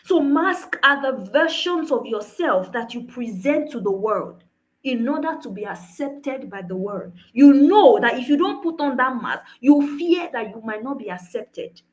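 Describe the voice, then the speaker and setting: A woman's voice: sits high, animated, measured pace, rough recording. A woman coach giving an earnest motivational talk, often checking in with her listeners through rhetorical questions. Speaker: personal development coach.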